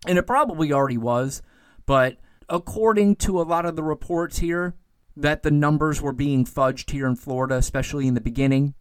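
Male podcast host, solo rant, lively, worked-up delivery, dry close sound. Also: a little high, a little fast, smooth, no room sound. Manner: animated, ranting, gets worked up then calms. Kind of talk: solo political commentary podcast.

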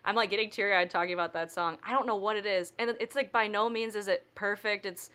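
A woman's voice: mid-range voice, fairly even intonation, fast, a bit bright, clear, resonant tone. A woman in a band, chatting casually as a podcast guest and swearing freely.

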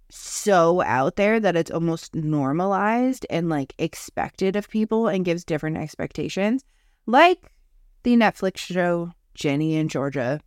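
A woman's voice: lowish voice, no room sound, studio quality. A young woman co-hosting a podcast in casual chat, blunt and opinionated, swearing casually. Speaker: podcast co-host.

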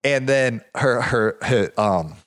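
A man of ordinary pitch tells a meandering story in a relaxed, conversational way. He pads his sentences with fillers and restarts as he goes. His voice goes lively whenever he quotes someone else. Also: slow. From southeastern United States. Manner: rambling, with frequent fillers and restarts; animated when quoting others. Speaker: property management business owner. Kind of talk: casual anecdote telling.

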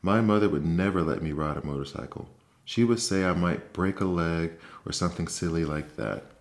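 A man voicing a young, envious boy in a bedtime storybook reading, speaking softly and earnestly. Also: deep voice, moderate pace. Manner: soft, earnest.

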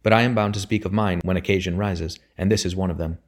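A man's voice: deep voice, steady tone, fast. A man voicing a dutiful young son who speaks formally and respectfully yet holds firm. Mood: earnest. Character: earnest dutiful young son, humble but steadfast.

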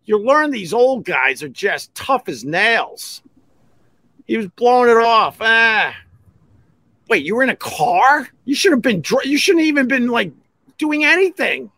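A radio host, telling rambling stories in a casual, animated way and often breaking off to act out other people's voices. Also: male voice, very high-pitched, a little slow, no echo. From Long Island, New York. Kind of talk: casual storytelling podcast.

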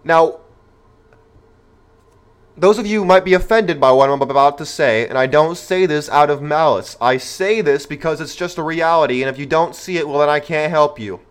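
A man's voice: fairly high pitch, moderate pace, smooth. A man hosting a podcast, delivering an opinionated monologue in an emphatic, rhetorical manner and speaking straight to his listeners. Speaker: podcast host.

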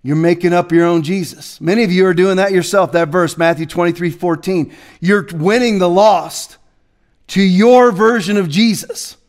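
Pastor guy preaching hard, high voice, goes quiet then yells. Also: fairly even intonation, moderate pace. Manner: fiery, confrontational, swings from quiet to shouting. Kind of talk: preaching sermon. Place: studio.

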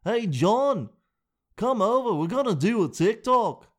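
A giddy, eager man chirps away at a raised, brassy pitch while he films himself for social media, as a comedian puts him on. The voice is loud and sing-song and bounces up high. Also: very animated, measured pace, full character voice.

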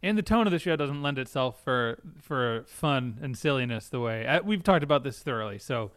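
A man co-hosting a podcast, chatting casually with a relaxed, wry way of talking. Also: mid-range voice, moderate pace, no room sound, clean studio sound. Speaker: podcast co-host. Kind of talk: casual chat.

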